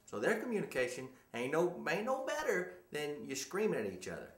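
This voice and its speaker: A man's voice: a little high, huge pitch swings, brisk, fairly bright tone, roomy sound. A man in his forties co-hosting a casual talk show, rambling and chatty and laughing often. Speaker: co-host. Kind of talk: casual chat.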